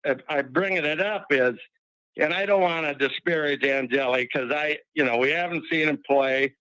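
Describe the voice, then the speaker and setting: A man's voice: a little high, moderate pace, pushed and bright, clear, resonant tone, dry recording, rough recording. A man calling in to a sports talk show, chatty and wry, rambling a little as he talks. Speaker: regular caller. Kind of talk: call-in sports chat.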